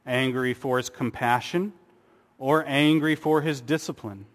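A man's voice: mid-range voice, fairly even intonation, unhurried. A man preaching a sermon, earnest, with rhetorical questions and sarcastic asides. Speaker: pastor. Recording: long hall reverb.

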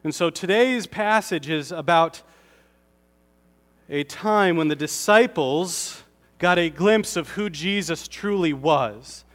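A pastor from Connecticut giving a conversational sermon, with self-deprecating humor. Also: male voice, on the high side, slow pace, a bit bright, in a large hall.

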